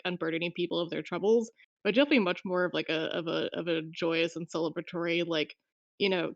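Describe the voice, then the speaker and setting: A woman's voice: fairly low pitch, creaky, no echo, lo-fi sound. A woman player in a tabletop game chatting casually about her character, rambling with restarts and laughing often.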